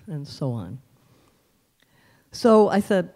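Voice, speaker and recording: A woman's voice: deep voice, expressive, measured pace, dark tone, long reverb tail. A woman in her fifties giving an earnest personal testimony at a church service, telling her story with emphatic repetition. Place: large church sanctuary.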